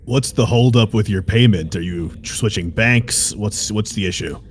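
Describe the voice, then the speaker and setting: A man's voice: fairly low pitch, normal speed, slight background noise. A man player speaking in character, blunt and exasperated, who swears. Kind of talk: in-character tabletop dialogue.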